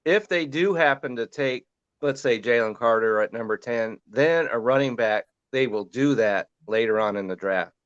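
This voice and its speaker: A man in a casual sports chat, talking through draft picks in a relaxed, rambling way. His voice is smooth and even, recorded dry with a slightly dull, muffled tone. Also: medium pitch, normal speed, dry recording. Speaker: fantasy football show host.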